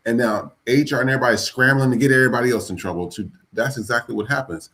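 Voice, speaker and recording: A man's voice: medium pitch, fast, hardly any pauses, pushed and bright. A man hosting a live podcast, talking bluntly and profanely in a rambling, casual way with many restarts. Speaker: podcast host.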